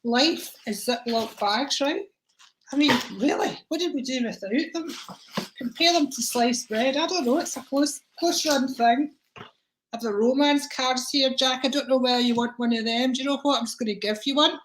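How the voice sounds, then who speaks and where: A woman chats through a live-stream card reading, greeting viewers by name and calling them darling. Her voice sits fairly high, and a tickle in her throat catches now and then. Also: normal speed, slight background noise, rough recording. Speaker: psychic reader and livestream host.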